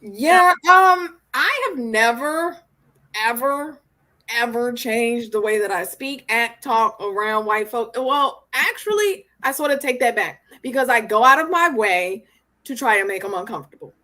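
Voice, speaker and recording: A woman co-hosting a casual panel talk, her voice bright and somewhat high. She speaks bluntly and defiantly. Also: a little slow. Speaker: co-host.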